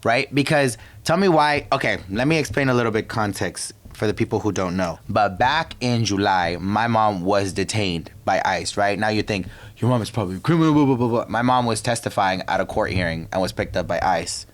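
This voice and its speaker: A man's voice: lowish voice, normal speed, few pauses. A young man from Virginia hosting a podcast, ranting in a brash, profane, casual monologue that keeps breaking off mid-thought. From Virginia, United States. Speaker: podcast host.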